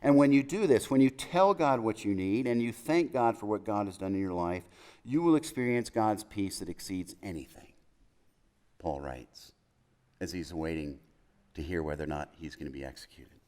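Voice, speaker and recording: Low-voiced pastor preaching, rising and hushing. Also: male voice, animated, normal speed. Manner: emphatic lists with sudden soft, hushed quotes. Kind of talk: sermon. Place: chapel.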